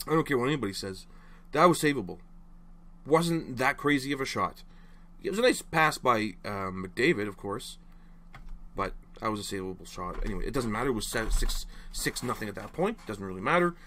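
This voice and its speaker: A man's voice: mid-range voice, sharp tone. A young man ranting casually to camera as a frustrated hockey fan, rambling and exasperated, apologizing after his outbursts.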